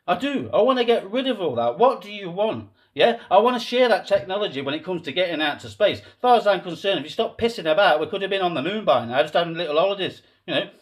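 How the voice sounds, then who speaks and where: A man talking straight to camera in a rambling, emotional monologue, swearing freely and swinging between quiet musing and impassioned appeals. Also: sits high, lively intonation, quick pace, few pauses. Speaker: self-styled candidate vlogger.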